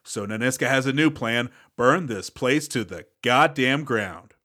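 A male podcast co-host walks through a movie plot in an easy, relaxed manner. His voice sits in the middle of the range. He talks casually with the occasional filler. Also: medium pitch, a little slow. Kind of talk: casual movie review chat.

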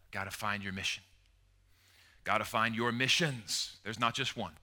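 A man preaching a passionate sermon, swinging between loud emphasis and hushed, emotional tones and lingering on key words. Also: lowish voice, slow pace.

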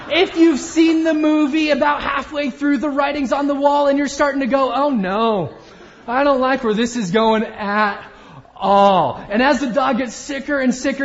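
High-voiced male pastor in a reverberant hall. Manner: storytelling, self-deprecating humor. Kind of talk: sermon. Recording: dull audio with long hall reverb.

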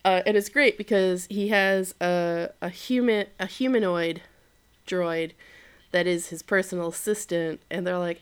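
A woman co-hosting a podcast, recapping a show episode in relaxed casual chat, swearing now and then and using plenty of fillers. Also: on the low side, a little slow, smooth.

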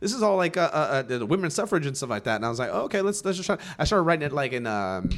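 A man's voice: on the high side, very animated, very fast, a bit bright, slight background noise. A young man from California chatting casually, rambling and swearing, with lots of fillers and restarts. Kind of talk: casual chat.

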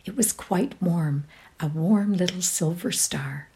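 Lower-voiced woman reader, expressive storytelling, drops to whispers. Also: slow. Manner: expressive, sinks to a whisper in quiet passages. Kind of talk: dramatic reading of a short story.

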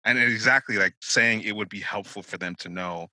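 A man's voice: fairly low pitch, normal speed, bright, forceful tone, dry recording, poor audio. A young man hosting a podcast, casual and frank, cursing freely. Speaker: podcast host.

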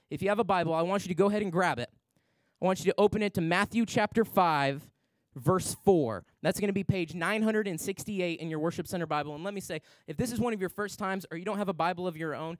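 Animated young pastor, dry sound. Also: male voice, high voice, no echo. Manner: animated storyteller, acts out voices. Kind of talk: sermon with storytelling. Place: large church worship center.

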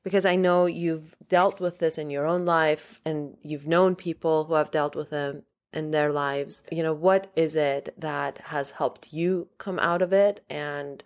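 A woman co-hosting a podcast, speaking in a measured, gentle way as she asks her guest questions. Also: deep voice, steady tone. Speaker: podcast co-host. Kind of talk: casual podcast chat.

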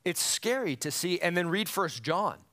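A man's voice: high voice, expressive, normal speed, pushed and bright. Earnest, emphatic man preaching a sermon. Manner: earnest, self-deprecating, emphatic. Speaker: pastor.

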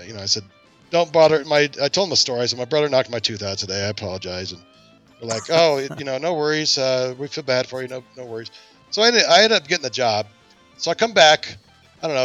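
Over dull audio, a medium-pitched man hosts a podcast and relates a long tale in relaxed conversation. He's animated throughout, acting out the voices of the people in the story.

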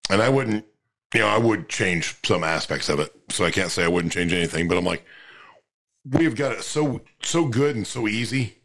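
A man's voice: on the low side, animated, moderate pace, a bit bright. A man, a farmer, talking in a rambling, profane way with many restarts in a casual podcast chat.

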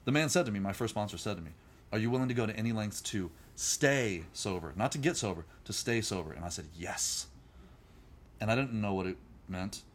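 Fast-talking middle-aged man telling his story. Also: lowish voice, slight background noise. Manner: rapid, animated, acts out quoted voices. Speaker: podcast guest, musician. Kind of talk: candid storytelling.

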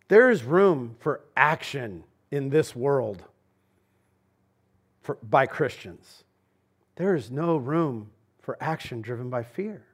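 A man preaching a sermon as pastor, talking in a conversational, emphatic way that swings between loud and hushed. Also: medium pitch, expressive, takes it slowly, husky. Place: church sanctuary.

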